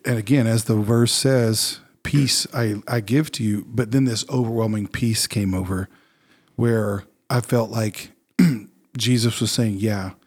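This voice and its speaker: A man's voice: on the low side, steady tone, unhurried, a little mellow, slightly rough. A man in casual conversation on a faith podcast, thinking aloud in an earnest, reflective way. He often circles back with fillers and restarts.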